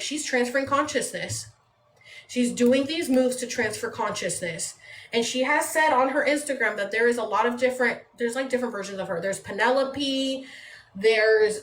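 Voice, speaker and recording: A woman's voice: a little high, brisk. Rambling woman livestreaming in an echoey room. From San Diego, California. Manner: rambling, conversational, uses "like" often. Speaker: livestream host. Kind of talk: casual livestream chat. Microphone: phone mic. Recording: echoey room with faint background noise.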